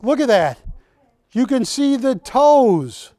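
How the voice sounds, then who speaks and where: A man's voice: extremely high pitch, big pitch swings, takes it slowly, dark tone, no echo, studio quality. An older man hosting a live shopping show, joking with staff and urging callers on. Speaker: shopping channel host. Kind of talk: live TV sales pitch. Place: TV studio.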